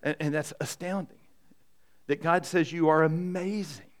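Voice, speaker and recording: Man, pastor, conversational sermon, slightly high voice, lively questions to the congregation. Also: moderate pace. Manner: conversational, animated, asks the room questions. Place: church in front of a congregation.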